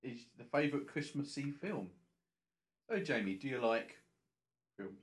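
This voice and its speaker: A man co-hosting a laid-back podcast, full of cheeky banter. His voice has a plain middle pitch, and his delivery is easy and conversational. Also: animated, unhurried. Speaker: podcast co-host. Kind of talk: casual comedic chat.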